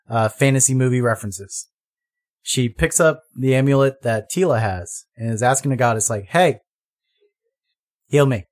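A man in casual chat reviewing a fantasy movie, mocking its lines in exaggerated voices. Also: mid-range voice.

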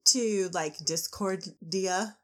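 A woman's voice: mid-range voice, drawn-out words. A woman co-hosting a podcast, casually recapping a cartoon episode and acting out quotes. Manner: chatty, acts out quotes, many fillers. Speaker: podcast co-host.

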